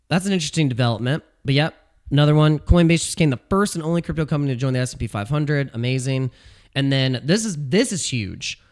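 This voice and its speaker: A man giving casual commentary as a video host, animated and ranting, repeating phrases and laughing at his own jokes. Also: mid-range voice. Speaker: crypto YouTuber. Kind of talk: casual talking-head commentary.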